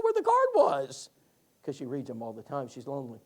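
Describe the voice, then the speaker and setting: Preacher guy telling a story in class, voice swings all over the place. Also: brisk. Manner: animated storytelling with lively pitch swings. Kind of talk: sermon class.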